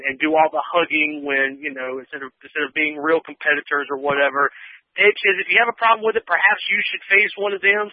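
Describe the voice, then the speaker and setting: A man's voice: fairly high pitch, dry recording. A man casually recapping a wrestling show for a podcast, rambling with lots of fillers and acting out quotes. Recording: tinny phone line.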